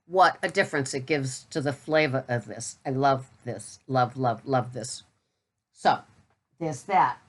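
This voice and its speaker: A woman's voice: a bass voice, unhurried. A middle-aged woman with a Boston accent, chatting casually and bluntly to camera about the food she buys. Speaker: keto vlogger. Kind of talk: casual product talk to camera.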